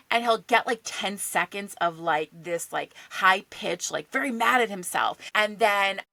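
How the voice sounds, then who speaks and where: Woman parenting coach on a podcast, bright voice w gravelly fry, earnest storyteller. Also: mid-range voice, normal speed, few pauses, no echo. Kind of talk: casual chat.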